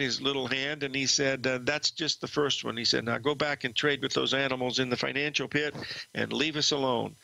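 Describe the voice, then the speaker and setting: A man's voice: mid-range voice, creaky, bright, forceful tone, dry recording, poor audio. An older man hosting a trading show, telling a rambling story from his trading days with many fillers and restarts. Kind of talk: storytelling market commentary.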